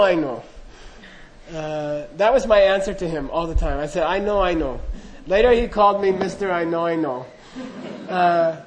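Over a rough recording, a high-voiced middle-aged man shares a loose, self-deprecating and humorous anecdote about training at a monastery, performing the dialogue for his audience.

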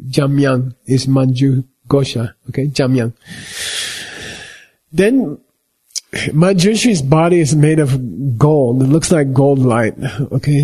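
Middle aged guy teaching meditation, really slow, kinda husky, keeps asking okay?. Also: medium pitch, darkish tone. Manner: keeps checking in with "okay?" and homely examples. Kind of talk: slow explanatory teaching talk.

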